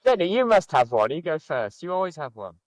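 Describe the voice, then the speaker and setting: A man on a podcast with a slightly higher voice than most men. He encourages his co-host, ticking off points in steady, measured phrases, and he is recorded close and dry. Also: dry recording, poor audio. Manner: warm encouragement, listing things in measured phrases. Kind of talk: casual podcast chat.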